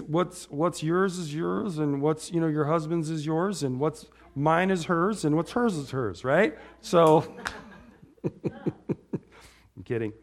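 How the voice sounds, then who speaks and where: A man preaching an informal sermon in a chatty, rambling way, often checking in with "right?". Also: fairly high pitch. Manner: chatty, tags lines with "right?"; rambling with restarts.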